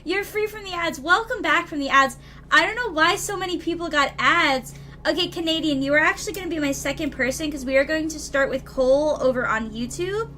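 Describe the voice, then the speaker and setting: A young woman chats on a live stream in a high, bright voice, rambling through her thoughts with plenty of "like" and "um." Faint noise sits in the background. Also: a little fast. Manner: rambling, filler-heavy, chatty with viewers. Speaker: streamer doing tarot readings. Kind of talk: casual live-stream chat. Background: lawn mower noise outside.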